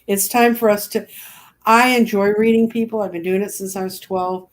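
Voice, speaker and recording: An older woman in her seventies chats as a guest on an online show. She tells stories at an even middle pitch and slips into the voices of the people in them. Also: moderate pace. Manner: chatty, animated storyteller acting out quoted voices. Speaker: guest, crystal reader. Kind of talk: casual storytelling chat.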